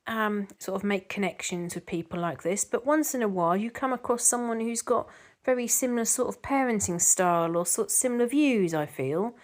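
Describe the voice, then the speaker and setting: Chatty woman reading comments. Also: fairly high pitch. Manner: chatty, rambling, with many ums and restarts. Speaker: vlogger reading viewer comments. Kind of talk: casual chat to camera.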